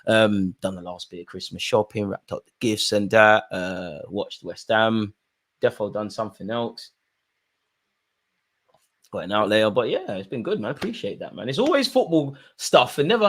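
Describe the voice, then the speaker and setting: Speaking at a moderate pace in a voice on the low side, a young man chats on a live football stream. He reads super chats aloud, animated and slangy, rambling with fillers as he goes.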